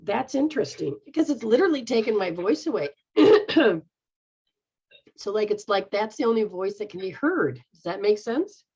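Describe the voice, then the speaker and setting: A woman's voice: medium pitch, animated, a little fast, few pauses, darkish tone, husky. A woman healer guiding someone through a healing session, repeating a chant-like refrain and speaking directly to them. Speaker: spiritual healer. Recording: dull lo-fi recording.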